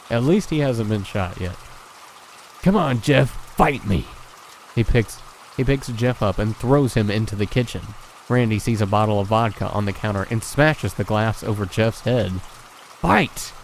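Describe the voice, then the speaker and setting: A man's voice: lowish voice, a little mellow, a little hiss or hum, low-quality recording. A man reading a horror story aloud and breaking off with casual, sweary comments and laughs. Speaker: creepypasta reader and reactor.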